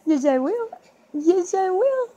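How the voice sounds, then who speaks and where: A woman's voice: very high voice, sing-song, slow pace, mellow. An older woman, a grandmother, coaxing her baby grandson in sing-song baby talk while filming him on her phone at home. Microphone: phone held while filming.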